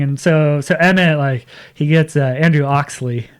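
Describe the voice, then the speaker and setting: A man's voice: on the high side, normal speed, smooth. Man telling a story with frequent laughs. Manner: lively anecdote-telling, quoting others, laughs often. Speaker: podcast guest. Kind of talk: casual storytelling.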